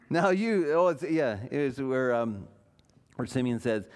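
A man, preaching a sermon as a pastor in a conversational way, with fillers and dramatic pauses. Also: mid-range voice, expressive, darkish tone.

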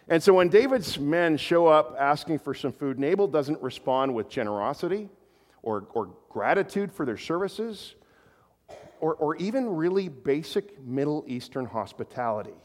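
A male pastor preaching a sermon in a relaxed, conversational way, with stumbling repetitions and chuckling asides. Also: medium pitch. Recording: long hall reverb.

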